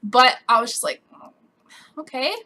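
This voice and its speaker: High, bright-voiced upset young woman. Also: moderate pace. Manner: emotional, swearing, voice breaking with quoted outbursts. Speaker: gaming YouTuber. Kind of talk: upset personal vlog rant.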